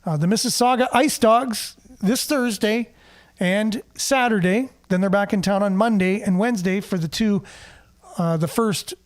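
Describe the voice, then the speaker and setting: A man's voice: high voice, moderate pace. A man hosting a casual local news show, chatting and reading the news aloud with asides and fillers. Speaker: host.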